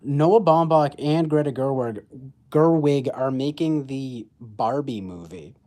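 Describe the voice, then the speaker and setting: A man's voice: mid-range voice, slow, a little mellow. A man in his twenties chatting casually on a phone livestream, rambling with lots of fillers and self-mocking asides. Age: 20s. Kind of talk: casual chat.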